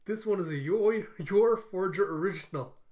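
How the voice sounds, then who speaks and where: A man's voice: sits high, normal speed, a little mellow, pitched above the performer's own voice, natural voice. A man putting on a sweet, eager young wife. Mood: proud. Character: polite, earnest young woman, a shy wife.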